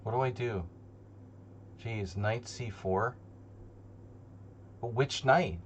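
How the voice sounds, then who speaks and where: A man's voice: mid-range voice, takes it slowly, a little hiss or hum. A man streaming live online chess, thinking aloud as he plays, joking and muttering to himself. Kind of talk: live commentary while playing online chess. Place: home streaming setup.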